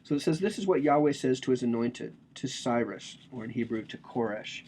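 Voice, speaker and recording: A man's voice: mid-range voice, lively intonation, a little fast, few pauses, a little mellow, slightly rough. A man giving a casual, joking lecture on a religious text, explaining it with slang and asides.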